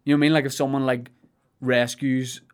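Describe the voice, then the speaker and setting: A man's voice: medium pitch, brisk, clear, resonant tone. Young Northern Irish man, joking podcast chat. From Northern Ireland. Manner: rambling, jokey storytelling with deadpan asides. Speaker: podcast co-host.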